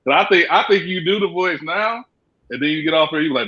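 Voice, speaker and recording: A man's voice: on the high side, animated, quick pace, bright, forceful tone. A man guest in a casual chat, laid-back and teasing, with loose slangy talk. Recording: dull lo-fi audio.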